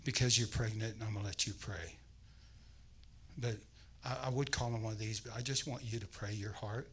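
Male guest preacher, sermon, bright tone, animated storyteller. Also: fairly low pitch, brisk, slight background noise, poor audio. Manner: animated storytelling, acting out voices.

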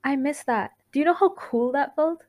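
A woman's voice: high voice, normal speed, a little mellow. A young woman hosting a podcast, talking in a candid, heartfelt monologue that rambles, restarts itself and breaks into giggles. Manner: rambling, self-interrupting, giggly. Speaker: podcast host. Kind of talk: casual confessional monologue.

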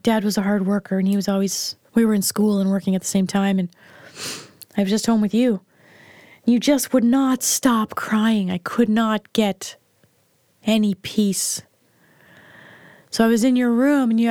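A woman's voice: mid-range voice, a little mellow, no room sound. A middle-aged woman telling a candid personal story as an interview guest, frank and blunt in how she speaks. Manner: frank and blunt, plain-spoken. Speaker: interview guest, mother of the host.

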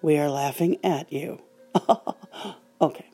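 Slow-talking wry older woman podcaster. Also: low voice, steady tone, warm tone, faint music behind. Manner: wry, dry humor. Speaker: podcast host. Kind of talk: casual podcast storytelling.

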